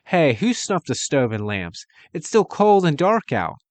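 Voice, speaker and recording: A man voicing a brash young woman who talks loud, sassy and colloquial. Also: on the high side, sing-song, unhurried, dry recording, pitched above the performer's own voice.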